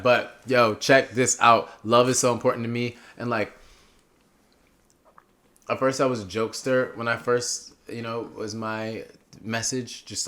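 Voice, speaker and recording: A young man chatting as a podcast guest, animated and rambling, often drifting off on tangents. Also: medium pitch. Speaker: podcast guest, political candidate. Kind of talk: casual interview chat.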